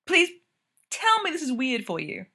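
A woman reading a story, voicing an excitable young man, a hockey player, who exclaims and gets easily rattled. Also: high-pitched, normal speed, slightly rough, voice pushed up, exaggerated voice. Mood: exasperated.

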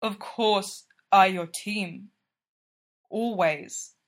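A soft-spoken foreign hockey player , as a woman reader puts him on, picks his words with care, his broken English coming out slow and a touch lower than the narration. He sounds cautious and tender rather than forceful. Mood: gentle. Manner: halting broken English, careful.

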